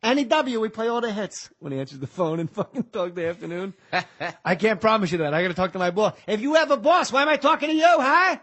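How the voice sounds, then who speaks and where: A raspy, theatrical aging movie-star actor, as a man puts him on shifts between low murmurs and sudden shouts. The voice sits high, with a husky edge. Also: lively intonation, fast talker. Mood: intense.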